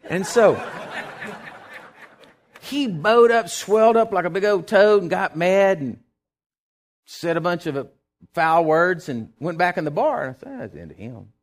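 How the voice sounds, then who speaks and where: Folksy pastor telling a story. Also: male voice, high voice, measured pace, pauses often. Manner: folksy storytelling, animated quotes. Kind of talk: sermon with personal story.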